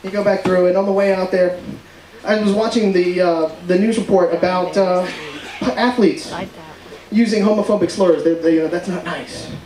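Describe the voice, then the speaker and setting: A man doing a stand-up comedy set on stage, joking loudly and slipping into put-on voices. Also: sits high, steady tone, moderate pace. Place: comedy club stage with audience. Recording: echoey room, far mic, crowd laughter.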